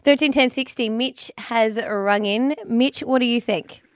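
A woman co-hosting breakfast radio, teasing and quick to argue back. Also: fairly high pitch. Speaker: radio co-host. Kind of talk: casual breakfast radio banter. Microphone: studio microphone.

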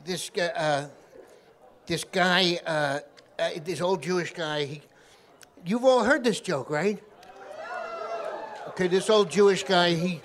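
A man, guest actor on a live show, telling jokes and anecdotes in an animated way. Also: sits high, takes it slowly, pauses often. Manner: animated storyteller who slips into voices.

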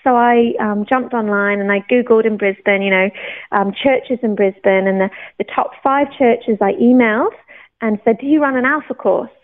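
A young woman from the UK tells her faith story, animated and quick to laugh, often restarting her sentences. Her voice sits a little high. The sound is thin and narrow, like a phone line on the radio. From United Kingdom. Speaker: guest sharing testimony. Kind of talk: personal faith testimony, casual storytelling.

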